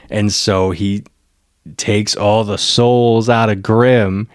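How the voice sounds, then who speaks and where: A man giving a casual, excitable recap of a TV episode, laughing often and acting out the characters' lines. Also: fairly low pitch, slow, no echo, studio quality. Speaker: TV episode reviewer.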